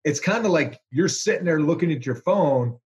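A man, a former pro quarterback, telling stories in a relaxed interview with lots of fillers. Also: on the high side, moderate pace. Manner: animated, chatty storyteller with fillers. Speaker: former NFL quarterback, guest. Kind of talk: casual storytelling interview.

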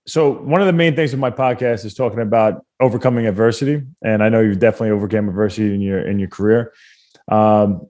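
A man's voice: fairly low pitch, a little mellow. A man hosting a podcast interview, asking long questions in an easygoing, agreeable way. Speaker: podcast host. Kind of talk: casual interview.

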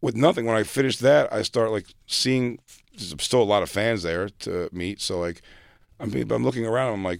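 A man co-hosting a comedy talk show, telling stories in a casual, animated way and slipping into quick impressions of family members. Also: creaky, no room sound, clean studio sound. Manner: animated, jumps into high-pitched impressions of family. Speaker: podcast co-host.

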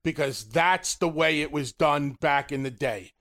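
A middle-aged man, a podcast co-host and retired wrestler, telling a story in an animated, emphatic, profane way. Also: on the high side, unhurried, hardly any pauses. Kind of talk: casual storytelling chat.

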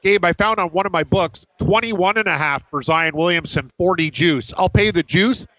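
A man's voice: high-pitched, moderate pace, bright, forceful tone, no echo, muffled recording. A man co-hosting a sports betting show, telling stories in a heated, emphatic way. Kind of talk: casual sports betting chat.

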